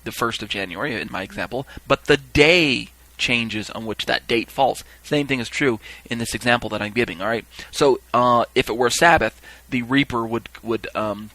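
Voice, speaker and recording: A man's voice: medium pitch, moderate pace, bright, forceful tone, dry recording, rough recording. A man teaching a Bible lesson for a podcast, explaining as he goes, often checking in with listeners and using fillers.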